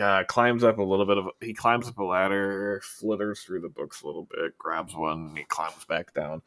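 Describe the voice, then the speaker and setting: A man's voice: sits low, fairly even intonation, moderate pace, few pauses, fairly bright tone, dry recording, studio quality. A man narrating as game master in a casual, filler-heavy way.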